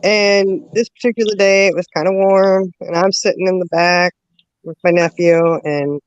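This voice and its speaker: A woman's voice: fairly low pitch, smooth, no echo. Woman telling a rambling laughing story. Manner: lively, laughing, drawn-out storyteller with many fillers. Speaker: host. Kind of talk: casual storytelling chat. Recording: dull lo-fi dry sound.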